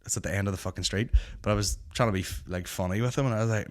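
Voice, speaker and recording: Northern Irish male comic host, fairly low voice, loose and profane, rambling storyteller. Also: racing. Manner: sweary, rambling, animated. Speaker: comedy podcast host. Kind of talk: casual storytelling.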